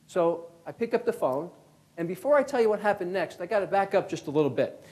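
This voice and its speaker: This is a roughly fifty-year-old former FBI agent from Connecticut, USA, delivering a keynote. He's an animated storyteller who performs the characters in his anecdotes, speaking in a high voice at a slightly quick clip.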